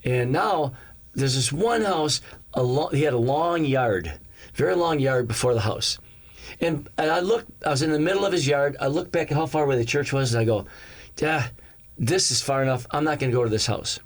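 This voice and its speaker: A male pastor tells a story to his congregation as a sermon, speaking at normal speed in a voice of middle pitch for a man. His delivery is lively and animated, and he acts out each character's lines, his pitch bouncing up to play them.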